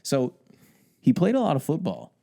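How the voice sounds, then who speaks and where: A man's voice: on the high side, wildly swooping pitch, moderate pace, vocal fry, mellow. A man co-hosting a comedy sports podcast, caffeinated and chatty, leading the segments in casual banter. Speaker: co-host.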